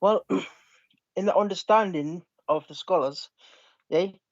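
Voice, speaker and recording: Caller, man with a raised voice, halting and cautious, muffled dry call audio. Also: high-pitched, no room sound. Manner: hesitant, halting, asks for calm. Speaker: caller in a debate. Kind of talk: live debate call. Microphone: online call.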